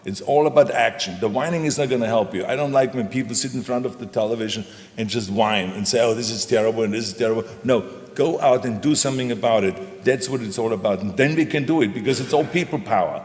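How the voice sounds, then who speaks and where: A man's voice: mid-range voice, quick pace, few pauses. An older man, a former governor, speaking as the guest in an onstage conversation, emphatic and folksy, hammering home short punchy phrases. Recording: echoey hall.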